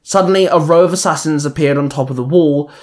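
A man's voice: a little high, fast talker, a little mellow. A man narrating a superhero fan fiction story in a plain storytelling manner. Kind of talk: reading fan fiction aloud.

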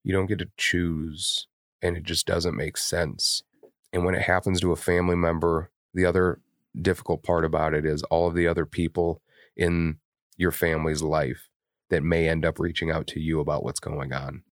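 A man's voice: low-pitched, level tone, normal speed, no echo, clean studio sound. A man co-hosting a podcast, talking candidly in casual chat with blunt, heavily profane, openly emotional speech. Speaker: podcast co-host.

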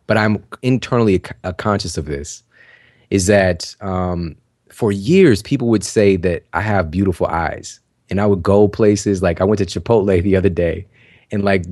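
A man with a very low, deep voice talks to his listeners as a podcast host. He gives encouraging advice in a loose, chatty way, full of fillers. The sound is dry and close, with no room echo. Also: a little mellow. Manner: conversational, full of "you know" and "like" fillers; encouraging, addresses listeners directly. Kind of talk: casual motivational talk.

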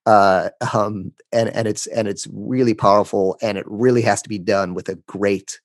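Man, podcast guest, candid storytelling, stops and restarts, deep-ish voice, dry close mic. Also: fairly even intonation, no echo. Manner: halting, many restarts, emotional.

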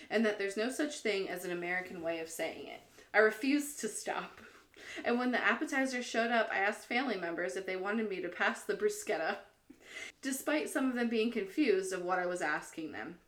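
A woman in mid-range pitch co-hosts a casual podcast, reading forum posts aloud and breaking into laughter often. The room around her is roomy and echoey. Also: fairly bright tone. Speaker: podcast co-host.

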